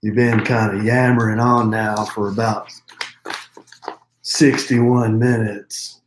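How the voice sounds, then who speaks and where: A man putting on the voice of a gruff Texan boss with a raspy, slow drawl. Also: fairly low pitch, level tone, background noise. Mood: bossy. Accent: Texan, put on. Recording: roomy echo.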